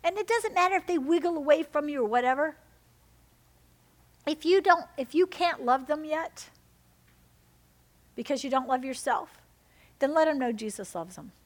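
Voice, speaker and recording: A woman pastor preaching a sermon, swinging between loud exhortation and soft, intimate lines. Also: high-pitched, expressive, normal speed, pauses often.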